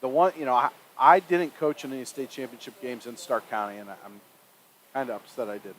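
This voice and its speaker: A football coach tells a blunt, easygoing game-day story. His voice has an ordinary middle pitch. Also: lively intonation, a little fast, fairly bright tone, poor audio. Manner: blunt, laid-back storyteller. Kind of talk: casual chat.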